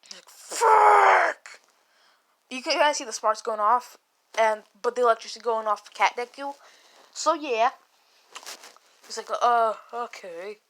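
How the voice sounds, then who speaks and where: A woman's voice: a little high, normal speed, pauses often, fairly bright tone. A woman casually retelling a made-up fan story, rambling and swearing, with many restarts. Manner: rambling and profane, full of restarts and "like".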